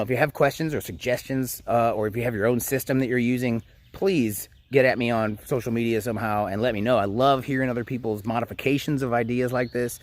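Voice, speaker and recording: A man in his thirties talks straight to the camera about raising kids. His voice sits in an ordinary middle pitch. He speaks frankly and plainly, pausing and hesitating often as he works through his thoughts. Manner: frank and conversational, with frequent hesitations. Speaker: parenting coach. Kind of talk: casual advice talk to camera.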